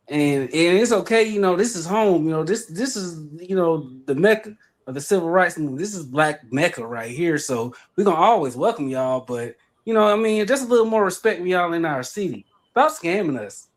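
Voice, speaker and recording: A man with an Atlanta Southern accent rants on a livestream. His voice sits high for a man, and he talks with emphatic, profane energy, circling back and repeating words as he builds his point. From Atlanta, Georgia. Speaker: livestream guest. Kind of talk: heated livestream rant.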